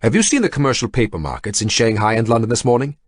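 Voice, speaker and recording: A man's voice: medium pitch, big pitch swings, normal speed. A man reading an audiobook, voicing a powerful older industrialist who growls angrily over a phone line. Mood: furious. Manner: growling, blunt, swearing.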